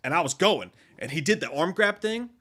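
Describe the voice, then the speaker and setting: A man in casual chat, rambling through profane anecdotes. His voice is bright and forceful, and it sits slightly high. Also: expressive, fairly quick. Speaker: podcast co-host.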